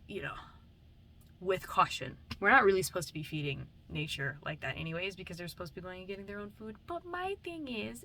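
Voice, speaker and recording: A woman's voice: mid-range voice, gravelly, bright, forceful tone, slight background noise. A young adult woman vlogging at home at night, chatting in a drowsy, meandering way with casual swearing. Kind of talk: late-night rambling chat.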